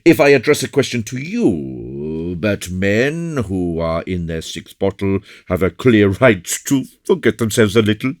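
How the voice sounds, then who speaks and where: A man's voice: fairly low pitch, big pitch swings, unhurried, few pauses, no room sound, studio quality, voice pushed up. A man voicing a polite, gallant young male officer, reading in an eager, courteous manner.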